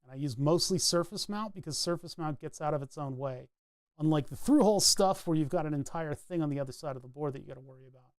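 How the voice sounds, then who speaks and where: A man's voice: on the high side, fast talker, a little mellow, dry recording, clean studio sound. Chatty man narrating his soldering. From New England. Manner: chatty, rambling, self-narrating as he works. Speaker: electronics hobbyist streamer. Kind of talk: casual talk while soldering.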